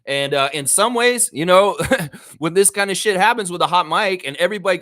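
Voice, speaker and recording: A man with a Southern US accent hosting a live-stream, ranting in a heated, profane, animated way. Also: on the high side, fairly quick. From American South. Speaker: show host. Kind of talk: casual live-stream commentary.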